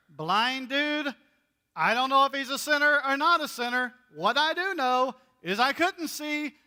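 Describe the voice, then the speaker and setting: A male pastor with a high, sharp-toned voice delivers a sermon in a church sanctuary. He keeps it conversational and playful, acting out the dialogue as he goes.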